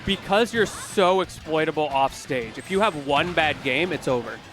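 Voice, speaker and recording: A man's voice: on the high side, lively intonation, normal speed, over music. A man commentating a fighting game tournament, chatty and explanatory, breaking down plays and talking to the chat. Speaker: esports commentator. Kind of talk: casual analytical commentary.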